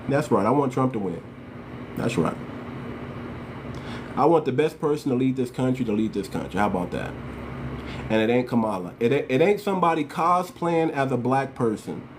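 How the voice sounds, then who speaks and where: A man's voice: medium pitch, lively intonation, moderate pace, long pauses, background noise. A man from the United States hosting his channel with impassioned political commentary, slangy and emphatic, repeating his points as he talks straight to his viewers. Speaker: channel host.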